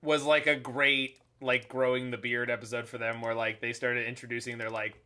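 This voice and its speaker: A man's voice: medium pitch, flat delivery, normal speed, sharp tone. A man casually commenting while he streams a card game, rambling with lots of filler and jokey asides. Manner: jokey asides, laughs at his own remarks.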